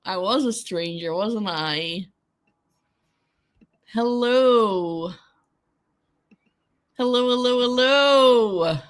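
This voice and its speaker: A woman's voice: on the high side, expressive, drawn-out words, long pauses. A woman hosting a casual livestream, chatting with viewers, giggling often and greeting people by name. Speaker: livestream host.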